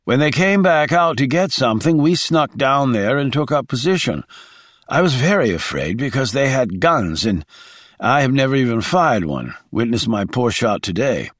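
A man's voice: medium pitch, sing-song, moderate pace, dry recording, pitched above the performer's own voice. A man voicing a cautious, nervous male aide in an audiobook, earnest and explanatory, in a dry, close recording. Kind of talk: audiobook character reading.

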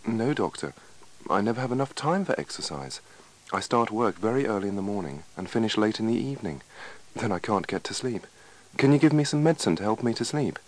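A man's voice: on the low side, animated, fairly quick, voice pushed up, rough recording. A man reading the part of an anxious, overworked patient in a scripted lesson dialogue, in a plaintive, pleading way. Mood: worried.

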